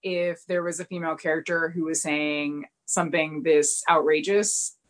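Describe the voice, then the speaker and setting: A woman's voice: low voice, fairly even intonation, normal speed. A woman, casually recapping an episode and acting out the characters' lines with bursts of laughter. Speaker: podcast co-host recapping a TV episode. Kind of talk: casual chat.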